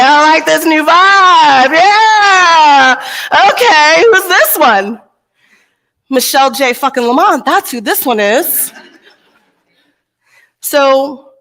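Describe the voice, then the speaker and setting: A middle-aged woman from Texas giving a motivational keynote speech on a conference stage, telling stories and acting out the voices of people in them. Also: medium pitch. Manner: animated storyteller, acts out voices in quotes. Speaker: motivational speaker.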